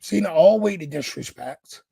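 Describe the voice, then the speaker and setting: A man chatting on a football watchalong while hoarse from laryngitis, talking confidently and defiantly. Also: high-pitched, lively intonation, moderate pace, mellow, no room sound. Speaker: guest pundit, co-host. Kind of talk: live football watchalong chat.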